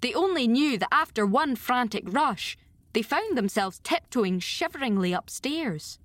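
Woman reading an old novel aloud, expressive and measured, fairly high voice. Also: dry recording. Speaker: audiobook narrator. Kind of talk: scripted narration.

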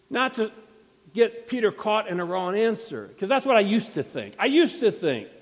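A man's voice: sits high, in a large hall. A man preaching a sermon as pastor, retelling a story with dramatic acted quotes. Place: church sanctuary.

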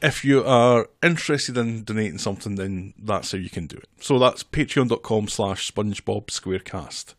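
A man's voice: on the low side, moderate pace, few pauses, no echo. A man co-hosting a casual podcast, teasing his co-host with dry humor.

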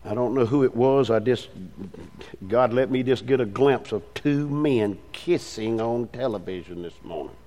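An older man, preaching a fervent sermon as pastor in a church, swinging between hushed and loud passages. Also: medium pitch, normal speed, long reverb tail. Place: church sanctuary.

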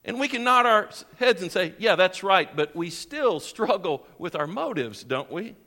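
High, bright-voiced male preacher. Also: moderate pace, big-room sound. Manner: animated, questions the congregation, chuckles often. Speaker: pastor. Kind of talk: sermon. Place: church sanctuary.

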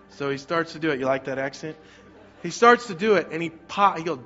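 Energetic preaching man with a high voice. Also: brisk, lo-fi sound, soft background music. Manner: energetic preaching, asks the congregation to repeat lines. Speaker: pastor. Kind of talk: sermon.

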